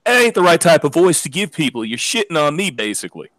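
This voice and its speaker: A man on a casual online radio chat, telling profane, animated stories. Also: on the high side, fast, dry recording.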